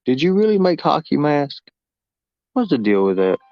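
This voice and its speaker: A man's voice: on the high side, big pitch swings, moderate pace, soft background music. Rambling man on a livestream. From Kentucky. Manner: rambling, exclaiming, folksy. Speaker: livestream host. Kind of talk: casual livestream talk. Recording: muffled dull audio.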